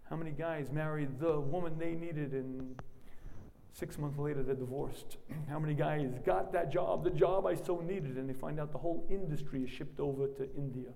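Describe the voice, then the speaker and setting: A man preaching a sermon as a rabbi, storytelling with animation and frequently clearing his throat. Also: fairly high pitch, normal speed, dark tone, long reverb tail.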